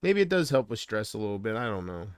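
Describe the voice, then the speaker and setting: A man's voice: lowish voice, very animated, quick pace, no room sound. A man chatting casually on a livestream from home, rambling and hesitant, often trailing off.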